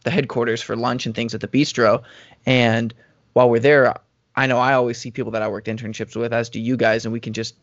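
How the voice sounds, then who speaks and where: A man's voice: mid-range voice, gravelly, no echo. Young male runner, easygoing rambling chat, level voice with a dry close sound. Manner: relaxed, rambling, many fillers. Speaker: professional runner, podcast co-host. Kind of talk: casual chat. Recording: dull lo-fi audio.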